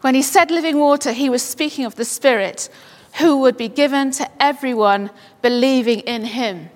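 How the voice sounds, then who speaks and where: Woman preacher, high voice, fervent and emphatic, reverberant hall sound. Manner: builds to fervent exclamations. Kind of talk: sermon with scripture reading.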